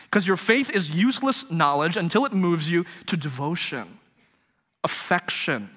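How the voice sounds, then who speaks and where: A male pastor with a high, pushed and bright voice preaches a live sermon in a church sanctuary during a service. He tells a story and drives his points home with rhetorical emphasis. The recording carries the reverb of the church hall.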